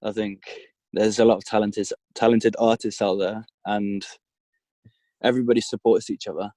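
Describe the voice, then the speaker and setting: A man's voice: lowish voice, level tone, normal speed, warm tone, no room sound. A man from the UK, an artist guest, answering modestly with many hesitations while shivering in a cold parked car. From United Kingdom. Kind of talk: casual interview answers.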